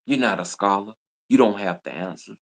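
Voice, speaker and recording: This livestream host has a very low, gravelly voice and a brisk pace. He scolds his viewers relentlessly and confrontationally, hammering the same lines over and over in his rant.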